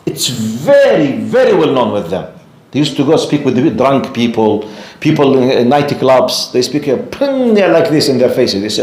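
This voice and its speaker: A man giving a storytelling religious lecture to a live class, animated and often asking the audience questions. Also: medium pitch, moderate pace. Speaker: Islamic lecturer. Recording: echoey room.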